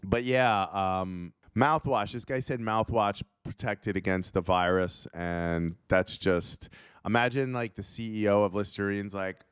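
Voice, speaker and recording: A comedian host riffs casually at a measured pace, joking, laughing at his own bits, and jumping into silly high voices. His clean tone is captured in a dry, studio-quality recording.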